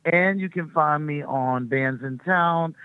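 A woman's voice: deep voice, slow pace, clean tone, no echo. A middle-aged woman, a touring music artist, chatting as a guest in a rambling way and laughing often. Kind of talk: casual phone interview. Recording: tinny phone line.

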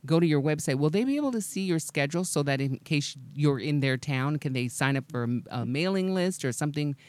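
A woman's voice: low voice, lively intonation, a little fast, darkish tone, dry recording. A woman hosts a radio interview, friendly and chatty, breaking into giggles now and then. Her voice is recorded close with no room sound. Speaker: radio show host.

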